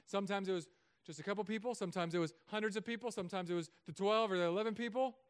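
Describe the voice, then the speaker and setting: A man preaching a sermon as a pastor, telling stories with self-mocking humor and often dropping to soft, quiet tones. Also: sits high, racing, smooth.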